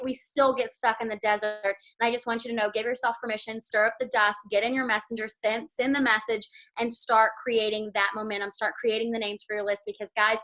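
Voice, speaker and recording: A woman's voice: a little high, a bit bright, poor audio. A woman giving a chatty motivational pep talk over a video call, full of "like" and "guys". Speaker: team leader giving sales tips.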